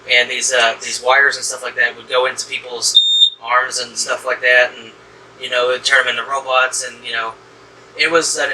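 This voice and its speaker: A man's voice: mid-range voice, pushed and bright. A man from the American South hosting a casual movie review chat, rambling with lots of fillers and restarts. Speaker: horror movie reviewer, host. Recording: distant mic with faint room hum.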